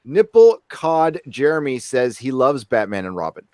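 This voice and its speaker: A man of middling pitch hosting a casual live stream. He reads donor names and messages aloud and adds offhand remarks. His voice sounds close and dry, with no room around it. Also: sing-song, normal speed, warm tone, no echo. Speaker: live stream host reading donations.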